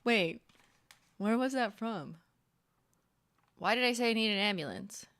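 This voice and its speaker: A woman's voice: fairly high pitch, expressive, a little slow, a bit bright. A woman in her thirties from Canada, chatting casually on a livestream as she reads fan mail, laughing often and swearing now and then. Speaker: YouTuber host.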